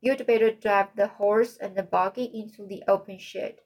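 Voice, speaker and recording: A woman's voice: medium pitch, fairly even intonation, moderate pace, darkish tone, natural voice, poor audio. A woman reading the part of a cheerful, imaginative teenage girl in a storybook, talkative and dreamy. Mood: matter-of-fact.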